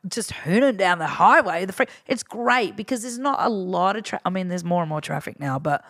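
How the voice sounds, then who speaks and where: A woman in her forties, a DJ, chatting casually on a podcast and telling animated stories full of swearing. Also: lowish voice, a little fast, no echo, clean studio sound. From Australia. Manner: animated storyteller, swears freely, acts out voices in anecdotes. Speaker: DJ guest.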